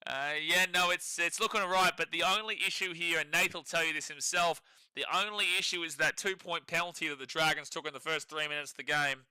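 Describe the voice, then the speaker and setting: A man's voice: a little high, steady tone, a little fast, pushed and bright, clear, resonant tone, dry recording. Sarcastic Australian man on a sports stream. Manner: sarcastic, laughs often, reads chat aloud. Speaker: livestream co-host. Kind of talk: casual live sports watch-along commentary.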